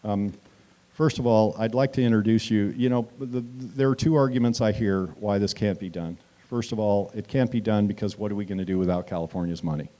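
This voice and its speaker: A man's voice: on the low side, brisk, warm tone. A man giving a political speech at a town hall meeting, telling history as a story and building to emphatic declarations.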